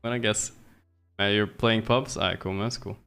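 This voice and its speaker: A man's voice: on the low side, steady tone, normal speed, gravelly, a bit bright, clear, resonant tone, soft background music. A man hosting a stream in casual chat, loose and profane, drifting into jokey asides on a streaming mic. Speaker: streamer host. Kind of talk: casual chat while co-watching a match.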